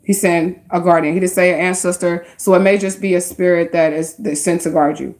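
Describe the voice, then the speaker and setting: Her voice is lowish and darkish, with fairly even intonation and a fairly quick delivery. She's a livestream tarot reader giving casual readings and talking to viewers directly in a chatty, slangy manner.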